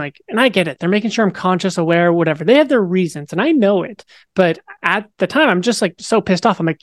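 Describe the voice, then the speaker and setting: A man's voice: high-pitched, fairly quick, no room sound. Young man, twenties, casual storyteller, chatty with fillers, interview guest, dry close sound. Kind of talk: personal story in a podcast interview.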